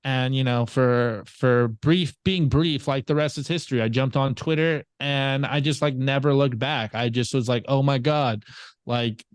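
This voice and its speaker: A man's voice: medium pitch, a little slow, clear, resonant tone, dry recording. A young man from California telling his story in a casual interview, rambling and swearing freely as he talks. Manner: profane, rambling, animated storytelling. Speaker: guest.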